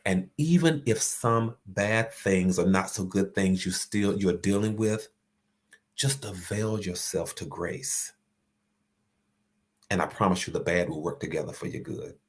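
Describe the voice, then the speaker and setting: A man's voice: deep voice, measured pace. A man hosting an inspirational talk, speaking earnestly and repeating key phrases for emphasis. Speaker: host.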